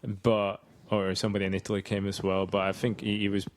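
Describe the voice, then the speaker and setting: A man talking football on a podcast panel in easy, relaxed chat. His voice sits fairly low. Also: fairly quick.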